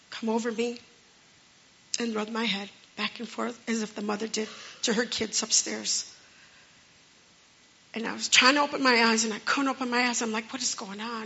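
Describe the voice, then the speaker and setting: A woman tells a personal testimony in an earnest, halting way, often circling back and repeating herself. Her voice sits a little high and has a gravelly edge. She speaks flatly, with little rise and fall, on a dull lo-fi recording. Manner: earnest and halting, with many restarts. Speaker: storyteller sharing a personal testimony. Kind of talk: personal testimony, spoken story.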